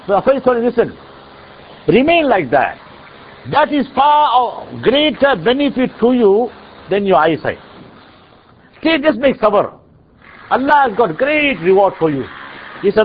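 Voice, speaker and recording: Animated male preacher. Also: extremely high pitch, slow, pauses often, a little hiss or hum. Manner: animated, dramatic storyteller. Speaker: preacher and teacher. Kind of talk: storytelling sermon. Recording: dull lo-fi recording.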